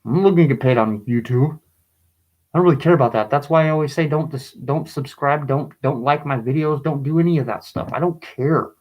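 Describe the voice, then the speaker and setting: A man reading and explaining his own poem in a video, pleading and agitated, his voice rising into angry bursts, with halting restarts. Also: a little high, dull audio. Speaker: vlogger.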